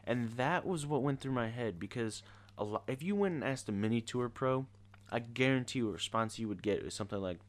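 A man's voice: medium pitch, lively intonation, fairly quick. A teenage boy ranting casually in an exasperated, sarcastic way. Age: teens. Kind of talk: casual rant to camera.

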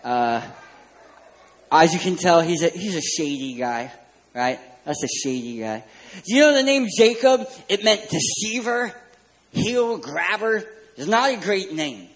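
A pastor delivers a sermon full of jokes and lively asides. He speaks in a high voice for a man, moving easily between humor and earnest points. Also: unhurried, rough recording. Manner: joking, animated storyteller. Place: church stage.

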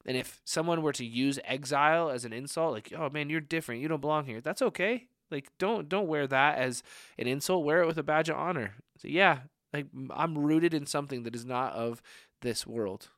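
A man's voice: a little high, normal speed, a bit bright, no room sound, clean studio sound. A young adult man preaching a conversational sermon as a young adults pastor, earnest and full of rhetorical questions, often saying "like". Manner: frequent filler "like".

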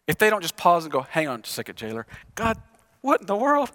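A male pastor delivers an animated sermon in a notably high voice. He asks the congregation to read verses aloud with him. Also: moderate pace.

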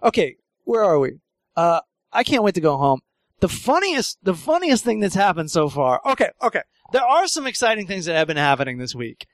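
A comedian hosting a podcast, telling road stories in casual chat, acting out voices, laughing often and swearing freely. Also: male voice, sits high, very animated, a little fast, no echo. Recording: dry close mic.

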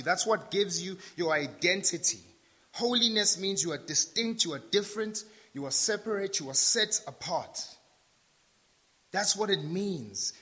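A bright, forceful man preaches in a long-reverberating church hall. His voice sits a little high, with emphatic repetition and light humor. He is a pastor from South Africa. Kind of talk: sermon.

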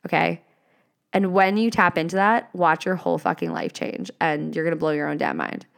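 A woman's voice: low voice, animated, normal speed, gravelly, clear, resonant tone. A woman hosting a motivational solo podcast, talking casually with lots of swearing and "like" fillers. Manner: swearing, gushing, uses many "like" fillers. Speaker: podcast host.

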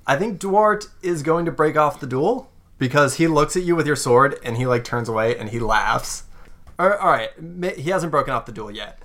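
A man's voice: on the high side, expressive, moderate pace, a bit bright. A man narrating as game master in a tabletop game, hesitant and full of fillers.

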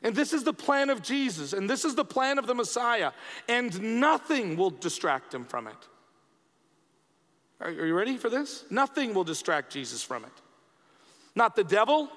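A man's voice: high voice, sing-song, moderate pace, a bit bright. A male pastor preaching a sermon in an emphatic, conversational way, often repeating words for stress. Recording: long reverb of a church hall.

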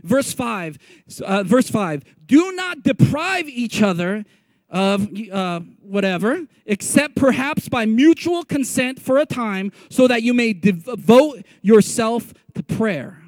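A man with a notably high voice preaches a sermon in a lively, conversational way. He jokes with his listeners and calls on them to repeat phrases back to him. The sound is dry and close, with little room in it. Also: takes it slowly, no room sound. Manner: joking asides to the audience. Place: meeting room with a live audience.

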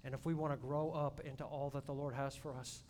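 A man preaching a sermon in a church, swinging between loud emphatic peaks and soft hushed asides. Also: flat delivery, brisk. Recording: long hall reverb, faint rumble.

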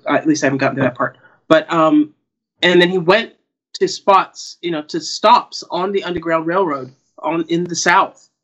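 A man with a slightly high voice, a singer, tells a story in an easygoing, rambling way. His voice sounds muffled and lo-fi, as if from a lower-quality mic. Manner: relaxed, meandering with fillers. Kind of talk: casual chat, recounting a story.

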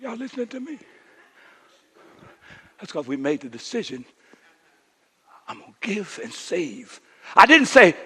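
A man preaching a sermon as pastor, calling on the congregation to respond, moving between quiet asides and shouted peaks and repeating words in bursts. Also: high-pitched, big pitch swings, moderate pace, long pauses, slightly rough.

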